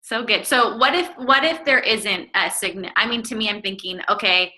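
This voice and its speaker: An upbeat woman host with a bright, forward voice at an ordinary pitch. She cheers her guests on with eager praise before moving to the next question. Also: moderate pace. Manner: enthusiastic, encouraging interviewer. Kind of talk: casual video call interview.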